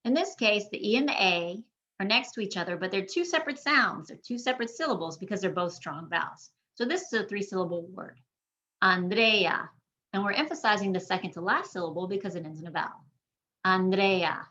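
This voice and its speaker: A woman teaching a pronunciation lesson online, modeling words slowly and deliberately for learners to repeat. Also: medium pitch, animated, bright, forceful tone, muffled recording. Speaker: Spanish teacher. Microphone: screen-share recording.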